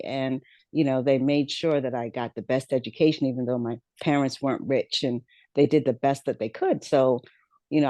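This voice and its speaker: A woman's voice: a bass voice, mellow, dry recording. A middle-aged woman, a podcast guest, telling her life story in a conversational way with many fillers and acted-out quotes.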